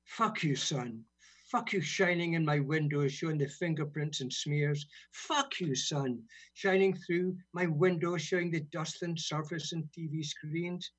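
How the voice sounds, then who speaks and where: Husky British man reading poems. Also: fairly high pitch, a little slow. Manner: wry, relaxed chat between blunt, sweary verses. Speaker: poet on community radio. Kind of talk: reading his own poems aloud. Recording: dull lo-fi radio sound.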